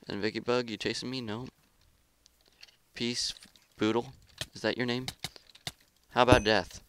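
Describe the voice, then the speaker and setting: A man giving live gameplay commentary as a gaming YouTuber, excitable, trash-talking opponents and grumbling about lag. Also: mid-range voice, unhurried, vocal fry, pauses often, clean tone, dry recording.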